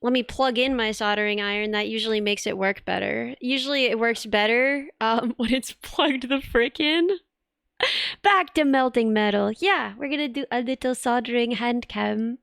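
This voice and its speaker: A woman's voice: on the high side, moderate pace, gravelly, a bit bright, clean tone, no room sound, clean studio sound. A young woman VTuber chatting casually on a live stream, giggly and rambling with lots of filler words.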